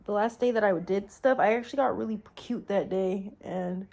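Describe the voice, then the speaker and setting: A young woman talking through a casual, rambling vlog update from her car, soft-spoken and close to tears at times. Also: mid-range voice, moderate pace, gravelly, rough recording. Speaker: vlogger.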